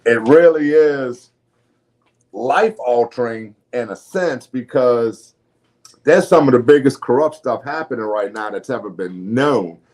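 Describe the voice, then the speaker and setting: A man's voice: mid-range voice, lively intonation, unhurried, darkish tone. Laid-back New Orleans man hosting. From New Orleans area. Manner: loose, laughing, swearing freely, restarts often. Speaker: podcast host. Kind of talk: casual podcast chat.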